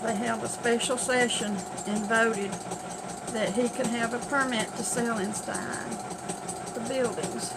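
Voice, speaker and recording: An older woman tells old family tales in a folksy, easy way with a gravelly voice. Loud sewing machine and motor hum fill the background. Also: fairly high pitch, measured pace. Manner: folksy, animated in quotes, laughs. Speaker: family storyteller. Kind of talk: casual oral storytelling. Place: home sewing room.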